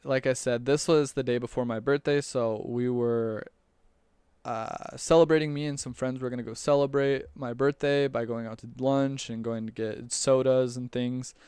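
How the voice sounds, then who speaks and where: A man's voice: medium pitch, fairly even intonation, normal speed, darkish tone, clean tone, no echo. Chatty young man telling a story. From United States. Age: young adult. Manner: chatty and rambling, with many fillers and restarts. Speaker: returned missionary telling his story. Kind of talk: casual personal storytelling.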